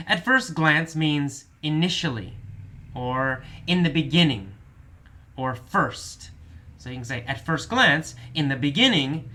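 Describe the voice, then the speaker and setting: A man teaching English vocabulary, patiently explaining each word with slow, repeated restatements. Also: on the high side, bright, forceful tone. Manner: patient, repeats definitions slowly with many restatements. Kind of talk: vocabulary lesson explaining words.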